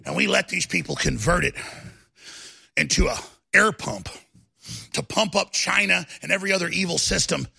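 A man hosting a talk show, delivering a combative political rant that builds into shouting. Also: sits high, normal speed, gravelly, pauses often, slightly rough.

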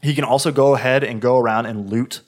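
A man talks through a video game in a loose, rambling way, full of restarts and filler words. He sounds eager and keeps circling back to correct himself. His voice sits at an ordinary middle pitch. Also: steady tone, fast talker. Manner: rambling, self-correcting, enthusiastic. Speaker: gamer describing a game. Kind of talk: casual chat.

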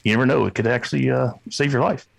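A man co-hosting a podcast in casual chat. He speaks earnestly, with halting phrases and many fillers. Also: mid-range voice, creaky, no room sound. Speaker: podcast co-host.

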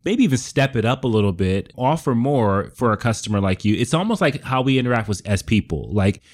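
A man's voice: medium pitch, animated, a little fast. Rambling man talking to podcast listeners. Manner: rambling, many likes, addresses listeners. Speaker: podcast co-host. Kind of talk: casual chat.

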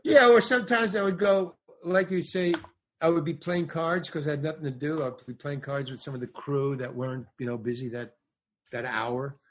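As a podcast guest, the older comedian-actor tells a lengthy story in interview fashion, performing the quoted lines and often starting sentences over. He speaks at a moderate pace with a highish voice and a steady tone, and there's a little hiss or hum in the background.

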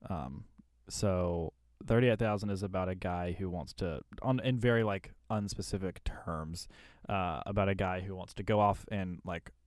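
Young male host, low voice, dry sound, relaxed and often laughing. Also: moderate pace, dry recording. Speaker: podcast host. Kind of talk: casual chat.

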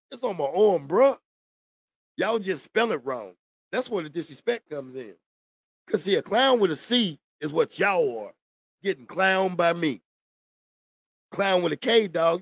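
A man's voice: high voice, gravelly, dry recording, studio quality. A man ranting to the camera in a blunt, profane, preachy monologue. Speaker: vlogger. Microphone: camera mic.

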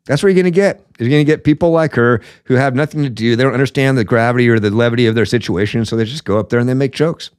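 Guy ranting on his politics podcast, blunt, mid pitch, dry close mic. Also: steady tone, fast, hardly any pauses, no room sound. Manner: blunt, emphatic, says "man" often, many fillers. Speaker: podcast host. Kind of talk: opinionated political commentary.

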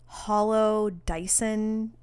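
A woman's voice: medium pitch, steady tone, extremely slow, darkish tone, clean tone. A woman co-hosting a podcast from her beachside apartment, chatting casually and laughing easily. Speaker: podcast co-host. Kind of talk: casual chat.

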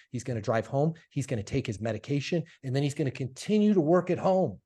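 A man, a sales coach being interviewed, telling stories in a casual, animated way and acting out the dialogue. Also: mid-range voice, husky. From Colorado, USA.

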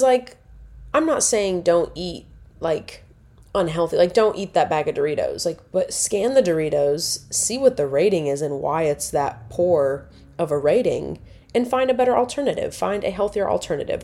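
A woman's voice: on the low side, very animated, normal speed, dark tone. A woman, hosting a casual solo podcast and rambling chattily, correcting herself as she goes. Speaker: podcast host.

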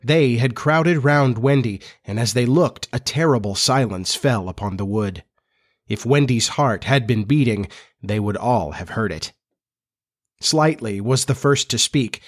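A man with a mid-range voice speaks at a normal pace, hosting a storytelling podcast. He opens with a chatty, confiding intro before reading an audiobook passage aloud with expression.

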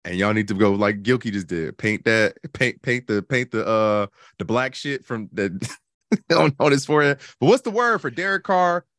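A man co-hosting a casual sports talk show, animated and joking, cursing freely as he reviews a team's season. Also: mid-range voice, normal speed, no room sound, studio quality. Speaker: podcast co-host.

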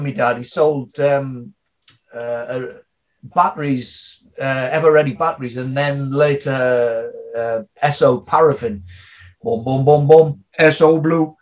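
A man's voice: a little high, measured pace. Chatty Geordie man telling rambling anecdotes. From Northeast England. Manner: rambling anecdotes, full of fillers and restarts, acting out quoted people. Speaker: comedian guest. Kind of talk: casual podcast interview.

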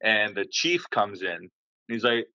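Low-voiced profane sailor telling stories. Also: male voice, sing-song, measured pace, bright, forceful tone, no room sound, lo-fi sound. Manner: rambling, profane, many fillers and restarts. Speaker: podcast guest, navy sailor. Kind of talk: casual storytelling.

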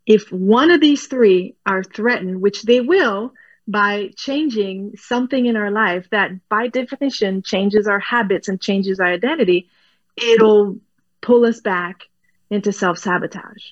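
A woman's voice: mid-range voice, a little slow, no echo, lo-fi sound. A woman guest in an interview, explaining animatedly, laughing often and restarting words as she goes. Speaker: guest expert.

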